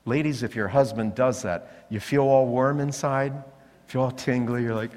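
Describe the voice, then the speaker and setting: A man's voice: medium pitch, unhurried. A man preaching a sermon, telling stories and acting out the voices he heard. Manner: animated storytelling, acting out voices. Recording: long hall reverb.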